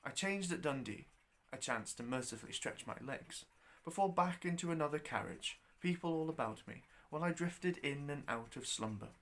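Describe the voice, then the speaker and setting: A man narrates his own story aloud in a wry, expressive reading voice, pitched a little above most men. His voice rises and falls widely, lingering on descriptions and questions. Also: moderate pace, hardly any pauses.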